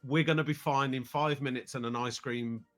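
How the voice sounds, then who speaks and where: A man's voice: medium pitch, fairly even intonation, moderate pace, soft background music. A British man in his thirties, a podcast guest telling a family trip story in a casual, rambling way, often repeating words as he starts sentences. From United Kingdom.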